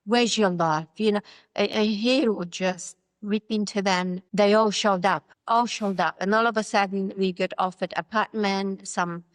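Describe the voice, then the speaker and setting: A woman's voice: mid-range voice, moderate pace, no room sound. Polish-accented woman telling her story. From Poland. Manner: animated storyteller acting out quoted voices, frequent fillers. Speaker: interview guest. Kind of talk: personal story in a sit-down interview.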